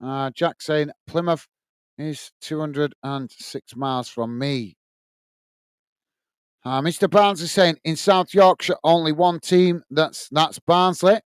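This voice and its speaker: Brief: middle-aged Northern English man, watch-along host, fairly high smooth voice, blunt and chatty, dry close sound. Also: fairly even intonation, slow, no echo. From north of England. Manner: chatty, blunt, laughs easily, says mate a lot. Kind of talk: match commentary and reading out viewer chat.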